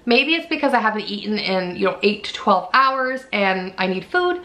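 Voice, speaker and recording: A woman's voice: medium pitch, animated, normal speed, pushed and bright. A woman in her thirties giving a candid, chatty pregnancy update from home, filmed on her own camera. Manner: chatty and candid, frequent "like" and "you know". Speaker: vlogger. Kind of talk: casual pregnancy update vlog. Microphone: camera mic.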